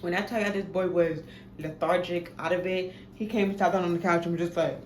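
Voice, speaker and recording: A woman's voice: lowish voice, a little fast. A young adult woman, animatedly telling a profane personal story in a casual storytime. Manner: animated, profane, dramatic retelling. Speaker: storytime vlogger. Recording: echoey room, faint background noise.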